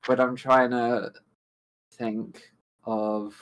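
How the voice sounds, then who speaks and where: A tabletop game player thinking aloud, with restarts and an animated delivery. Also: medium pitch, extremely slow, rough recording. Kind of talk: casual tabletop chat.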